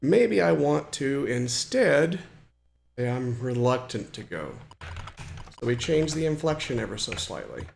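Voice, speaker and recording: Man with a creaky mid voice, hobbyist tutorial host, talks through settings, fills with restarts. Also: medium pitch, very animated, measured pace, background noise. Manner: explanatory, with frequent fillers and restarts. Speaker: hobbyist programmer demonstrating software. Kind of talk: screen-recorded tutorial walkthrough.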